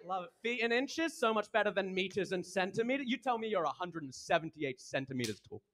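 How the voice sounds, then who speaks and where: A young man from England with an English accent doing a deadpan stand-up comedy set and acting out both sides of dialogues. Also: high-pitched, fast talker. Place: comedy club stage. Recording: loud noise and clicks.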